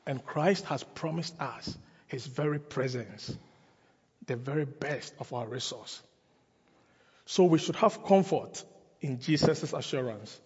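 Male pastor, emphatic sermon, husky tone, church hall with long reverb. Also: medium pitch, animated, a little mellow, muffled recording. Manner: slow, emphatic preaching with repeated phrases.

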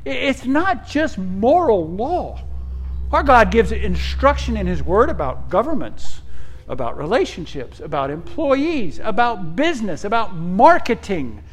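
A middle-aged male pastor preaching a sermon, earnest, dropping to hushed tones and rising to emphatic peaks. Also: high voice, sing-song, unhurried, slightly rough.

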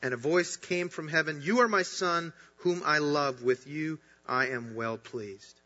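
A man's voice: fairly high pitch, measured pace. A man preaching an earnest, emphatic sermon as a pastor. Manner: earnest, emphatic preaching with rising bursts of excitement. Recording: dull sound with long hall reverb.

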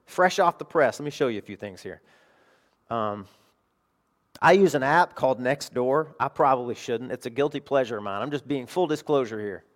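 A middle-aged man preaching a sermon as pastor, emphatic and animated, dropping to quiet asides between bursts. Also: medium pitch.

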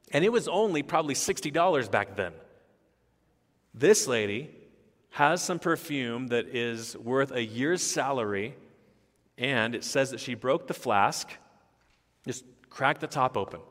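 A man's voice: mid-range voice, lively intonation, normal speed, pauses often, fairly bright tone. A man in his thirties, a pastor preaching an expository sermon in an earnest, conversational way that rises into emphatic bursts. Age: 30s. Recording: long hall reverb.

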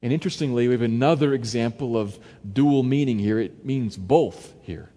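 A man with a mid-range voice preaches in an easy, conversational way, walking through a passage verse by verse. He pushes his voice up and louder to stress key lines and act out quotes. The sound has the long reverb of a large hall. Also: mid-range voice, normal speed, hardly any pauses. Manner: conversational, varies loudness for emphasis, acts out quotes. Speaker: pastor. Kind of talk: expository sermon.

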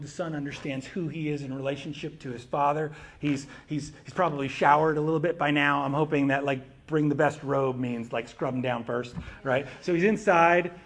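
A man with a fairly high, fairly bright voice preaches a sermon conversationally, often turning aside to address his listeners.

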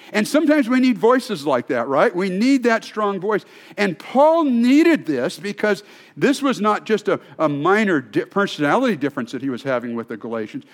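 A man's voice: high voice, big pitch swings, moderate pace. A male pastor preaching a sermon in a conversational, storytelling way, often restarting his sentences.

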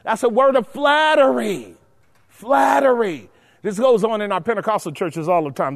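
Male Bible teacher with a high voice, forceful and repetitive, recorded with long hall reverb. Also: moderate pace, vocal fry. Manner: emphatic, repeats points, checks in with listeners. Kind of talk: preaching Bible study.

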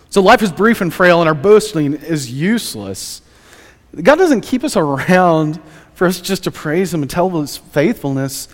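Animated man preaching in an echoing hall. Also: on the high side. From United States. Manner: conversational, joking asides. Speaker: pastor. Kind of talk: sermon. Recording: reverberant church hall.

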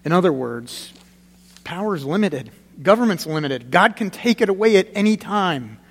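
A man with a fairly high voice preaches a sermon in a church sanctuary, his words trailing off into a long hall reverb. He talks like a pastor chatting with his flock, hammering short phrases through repetition, then sinking low and quiet for the heavy parts. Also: expressive, moderate pace, gravelly. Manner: conversational preaching, emphatic repetitions, drops to quiet gravity.

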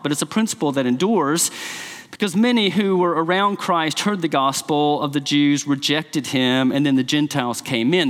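A man's voice: mid-range voice, a bit bright. A man preaching a sermon as pastor, impassioned, often lifting his voice to quote scripture with emphasis. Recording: long hall reverb.

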